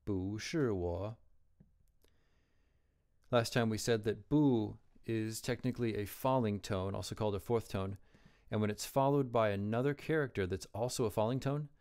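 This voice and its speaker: A man teaching Chinese characters, explaining strokes and tones slowly and carefully. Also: fairly low pitch, steady tone, darkish tone. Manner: slow, careful modeling of pronunciation.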